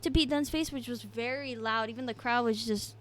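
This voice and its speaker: A young woman with a slightly high voice talks through a casual podcast recap. She is chatty and giggly and fills her pauses with ums and little hedges. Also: a bit bright. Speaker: podcast co-host. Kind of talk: casual wrestling recap chat.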